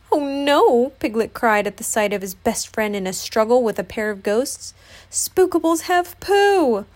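Expressive mom reading a storybook aloud. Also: female voice, medium pitch. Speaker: mother reading to her child.

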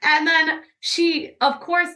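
Young woman podcast host, bright sharp voice, rambly storytime with lots of "like". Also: extremely high pitch, level tone, slow pace, recorded from a distance. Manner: chatty, lots of "like" and quoted back-and-forth. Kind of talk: casual storytelling chat.

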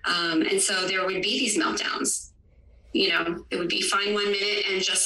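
A woman hosting a podcast, speaking earnestly and haltingly with many fillers as a parent. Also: mid-range voice, level tone, sharp tone. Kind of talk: personal reflective conversation. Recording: distant echoey room, faint background noise.

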